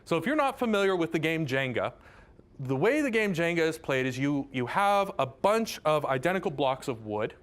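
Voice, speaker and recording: A man's voice: fairly high pitch, big pitch swings, normal speed, fairly bright tone. A man giving a casual math lecture. He chats, drifts into tangents and keeps checking in with "right?".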